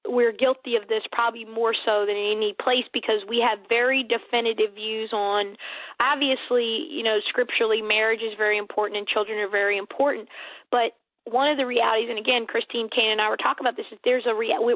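A woman's voice: on the high side, fairly even intonation, fairly quick, no echo, narrow, tinny audio. An American woman in her forties, a guest author talking earnestly and emphatically in a faith-based interview, often repeating words as she thinks. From United States.

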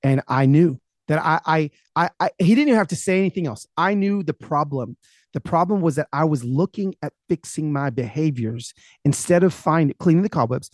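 A man, a guest author, telling a personal story in an interview, fast and animated, with many restarts. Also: a little high, dry recording, clean studio sound.

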